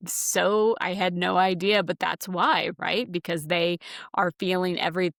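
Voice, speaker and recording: A woman's voice: fairly low pitch, steady tone, moderate pace, gravelly, a bit bright, no room sound, clean studio sound. A woman co-hosting a podcast in casual chat, talking freely and laughing between phrases. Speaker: podcast co-host.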